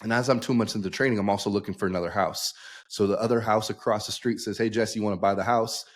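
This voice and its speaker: A man's voice: lowish voice, steady tone, fast talker. A young man, a podcast guest, telling his story casually and acting out the dialogue he quotes. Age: young adult.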